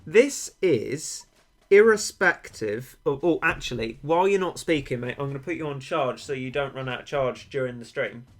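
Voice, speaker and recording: A man's voice: mid-range voice, normal speed. Chatty young British man streaming a game. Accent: British English. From Britain. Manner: chatty, rambling, hesitant with many ums. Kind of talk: casual gaming stream chat.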